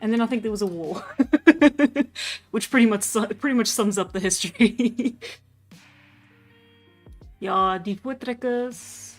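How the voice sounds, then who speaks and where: A woman's voice: mid-range voice, moderate pace, darkish tone. A young South African woman hosting a live stream, chatting casually and laughing often while answering chat. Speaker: livestream host. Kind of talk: casual chat, reading out chat comments. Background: faint background music.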